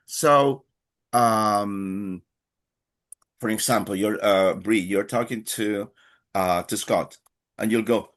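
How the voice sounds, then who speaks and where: A man's voice: lowish voice, slow pace, pauses often, fairly bright tone. A man teaching a beginner Spanish class, explaining patiently with many fillers and acting out short dialogues. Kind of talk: live online Spanish lesson.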